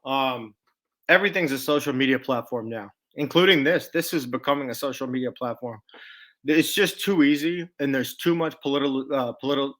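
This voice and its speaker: A middle-aged man with a Texan drawl walks through his trading game plan in a loose, folksy way. He talks like he's chatting with regulars, with plugs and asides thrown in. His voice sits at an ordinary middle pitch. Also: normal speed, a bit bright. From Texas. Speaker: stock market commentator. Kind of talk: casual screen-share market commentary.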